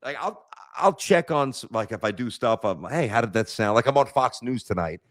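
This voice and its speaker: A man's voice: mid-range voice, lively intonation, normal speed, a bit bright, no room sound, clean studio sound. A middle-aged man with a New York accent, telling stories bluntly as a guest on a sports podcast, with stammered restarts. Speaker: sports radio host, guest. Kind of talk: casual podcast chat.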